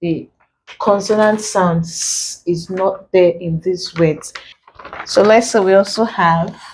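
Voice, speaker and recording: A woman tutoring exam pronunciation, speaking deliberately and repeating each example word to drill the sounds. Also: lowish voice, steady tone, a little mellow, a little hiss or hum, rough recording. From Nigeria. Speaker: English tutor. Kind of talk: exam-prep pronunciation lesson.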